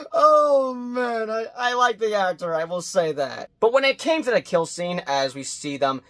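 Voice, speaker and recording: Animated, profane man reviewing movies. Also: high voice, normal speed, few pauses. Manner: animated, dramatic swings from loud outbursts to muttered asides; blunt and profane. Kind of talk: casual movie review vlog.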